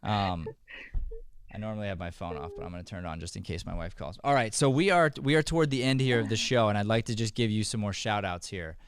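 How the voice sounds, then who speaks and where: A man's voice: lowish voice, quick pace, slight background noise. A man hosting a podcast, chatting casually and encouragingly with a guest, often repeating his words. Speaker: podcast host. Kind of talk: casual interview chat. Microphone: phone call interview.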